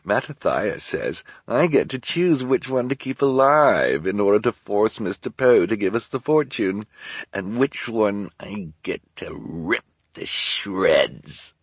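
A man's voice: lowish voice, big pitch swings, slow, slightly rough, dry recording, clean studio sound, full character voice. A man voicing a scheming, bloodthirsty villainous woman in an audiobook, with gloating, hissing menace.

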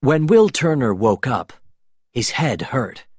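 A man narrating a storybook aloud in a slow, deliberate manner. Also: mid-range voice, big pitch swings, a little mellow, dry recording, clean studio sound. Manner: slow, clear, deliberate reading.

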